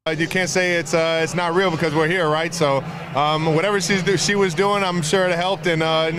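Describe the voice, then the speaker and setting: A man answering interview questions in a relaxed, halting way with many fillers. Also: fairly high pitch. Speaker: football player in press interview. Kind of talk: casual press answers. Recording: crowd noise behind, played clip. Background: crowd.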